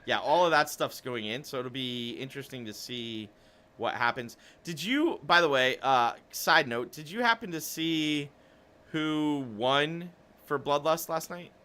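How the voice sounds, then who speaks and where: Male podcast host, fairly high bright voice, rambling chatty delivery, casual talk. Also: unhurried. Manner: rambling, self-interrupting, chatty. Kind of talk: casual esports podcast chat.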